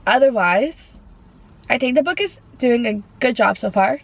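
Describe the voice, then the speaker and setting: A woman's voice: mid-range voice, measured pace, creaky, slight background noise, low-quality recording. A young woman talking casually in a book vlog, chatty and full of "like". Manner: chatty, fills talk with "like". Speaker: book vlogger. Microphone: camera propped up without tripod.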